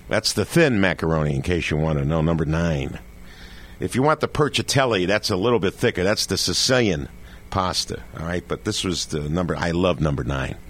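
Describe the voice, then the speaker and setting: An older man telling a comic monologue from his childhood, chatty and animated, speaking straight to his audience. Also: low-pitched. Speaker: storyteller.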